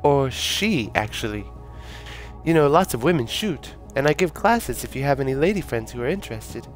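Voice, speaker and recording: A man's voice: mid-range voice, expressive, normal speed, soft background music, pitched above the performer's own voice, close to an everyday voice. A man doing a chatty woman gun seller.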